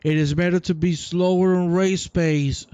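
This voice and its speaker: A man giving live sim racing commentary, teasing and cheering the drivers on in an excited, hyped way. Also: high-pitched, normal speed, clean tone, no echo, lo-fi sound.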